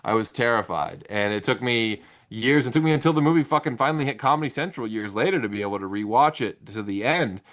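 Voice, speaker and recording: A man hosting a casual panel chat, telling stories in an animated, profane way. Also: mid-range voice, quick pace, few pauses.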